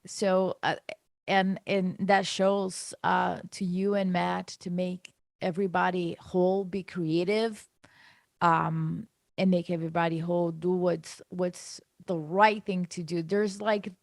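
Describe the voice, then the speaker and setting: A woman co-hosting a podcast, reflecting on and affirming what her guest says in casual talk. Her voice has a creaky fry, and the sound is dry and close, with no room echo. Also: on the low side, fairly even intonation, slow. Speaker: podcast co-host.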